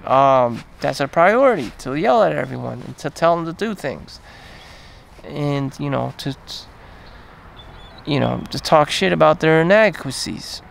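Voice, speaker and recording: A man vlogging in a rambling, profane monologue full of fillers and trailing pauses. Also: fairly high pitch, lively intonation, vocal fry, slight background noise.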